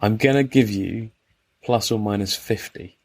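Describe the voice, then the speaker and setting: A man joining a podcast as a guest quizmaster, making quick, jokey asides. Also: on the low side, a little mellow. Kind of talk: casual chat, quiz hosting.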